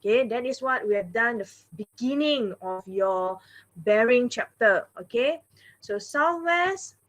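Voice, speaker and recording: Woman math teacher, patient and repetitive, slightly high voice, online class. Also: normal speed. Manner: patient, repeats "all right" and "okay" often.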